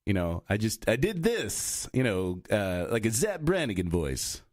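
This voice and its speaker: This young man co-hosting a podcast has a lowish, darkish voice with big pitch swings at a normal speed. He chats casually, rambling with many fillers and restarts, in a clean studio recording without room sound.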